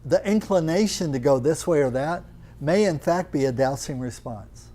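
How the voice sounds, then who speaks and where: An older man leads a live yoga class in a teaching room, explaining with quick questions and teasing his students. His voice sits a little high. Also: expressive, dark tone.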